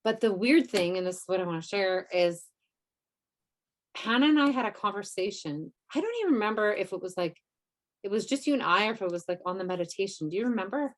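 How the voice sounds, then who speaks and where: A woman's voice: medium pitch, expressive, fast. A woman co-hosting a podcast, telling a story in a casual, rambling way with lots of fillers and quoted asides. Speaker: podcast co-host. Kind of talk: casual chat.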